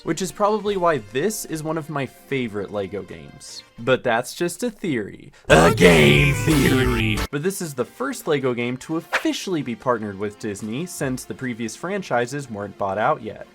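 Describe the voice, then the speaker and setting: A gaming YouTuber, a man with a fairly high voice that swings around a lot, talks through a game retrospective. His delivery is sarcastic and jokey, and he breaks into loud exclamations. Soft music plays behind him. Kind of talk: video game retrospective commentary.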